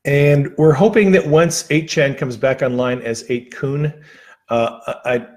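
A man hosting a casual livestream and chatting to his viewers in a rambling, halting way, full of fillers and restarts. He is losing his voice after an hour of talking. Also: medium pitch, fairly even intonation. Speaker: livestream host.

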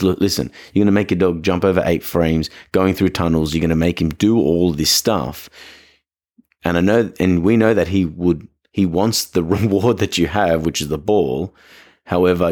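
An Australian man hosting a podcast, telling a story in a chatty, rambling, self-deprecating way. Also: low voice. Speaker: podcast host. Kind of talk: casual storytelling monologue.

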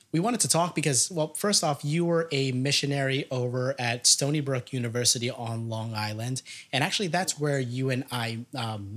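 A man's voice: medium pitch, a bit bright. Chatty man hosting a podcast. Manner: upbeat, chatty, laughs often. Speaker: podcast host. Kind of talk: casual podcast chat.

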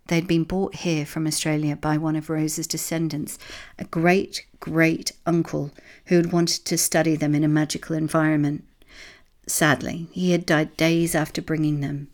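Female storybook narrator, low and gravelly, steady unhurried read. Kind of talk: storybook reading.

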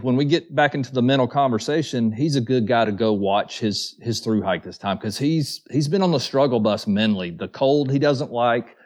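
A man from the Southern US with a Southern accent, a guest telling stories in easygoing casual chat, often saying man. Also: mid-range voice. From Southern US, north of Atlanta. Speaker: guest hiker.

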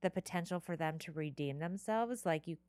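A woman's voice: lowish voice, brisk, a little mellow, dry recording. A woman co-hosting a casual talk show, rambling with lots of filler words and casual swearing. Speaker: podcast co-host. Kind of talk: casual chat.

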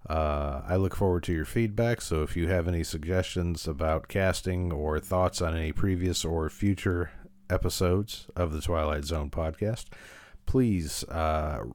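In a clean studio recording without echo, a male podcast host goes over an episode in a relaxed recap. His voice sits low and is a little mellow, and he talks a little slowly. Fillers and restarts come up often.

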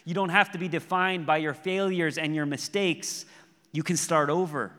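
Male pastor, earnest sermon, slightly high voice, rising and dropping to a hush, long hall reverb. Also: steady tone, moderate pace. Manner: earnest, swings from raised emphasis to hushed intimacy.

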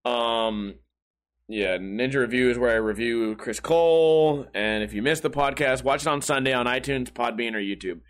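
A man hosting his own podcast, hoarse and with a failing voice, grumbling and cursing his way through a casual rant. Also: medium pitch, normal speed. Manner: profane, grumbling, self-deprecating. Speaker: podcast host.

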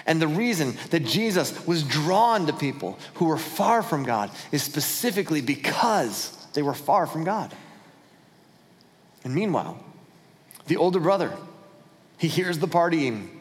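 A man with a fairly high voice preaches a sermon, telling the story in his own voice and briefly acting out the people in it. His words ring out through a church hall with a long, lingering reverb. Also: big pitch swings, measured pace. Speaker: pastor.

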